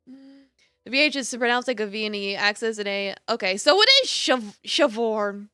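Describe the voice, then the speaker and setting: A woman streamer reading a visual novel aloud with expressive narration, broken up by casual asides and laughter. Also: medium pitch, normal speed, clear, resonant tone, dry recording, clean studio sound, soft background music.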